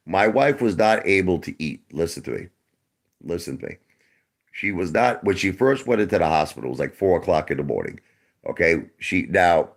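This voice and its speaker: A man in his forties, livestreaming and answering his chat defensively. His voice sits very low but swings widely up and down as he pleads his case. He repeats himself over and over and keeps calling the viewers brother. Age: 40s. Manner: defensive, repetitive, keeps addressing chatters as brother.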